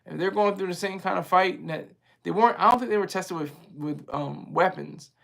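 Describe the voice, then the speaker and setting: Gravelly-voiced man chatting on a livestream. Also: high voice, fairly bright tone. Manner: rambling, chatty, quick to laugh. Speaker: livestream host reading viewer chat. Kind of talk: casual livestream chat with viewers.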